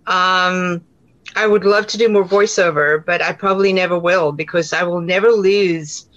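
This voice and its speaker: A woman's voice: lowish voice, steady tone, normal speed, fairly bright tone, lo-fi sound. A woman with a South African accent, an actor telling stories in an interview, chatty with many fillers and restarts. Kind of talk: casual interview answers.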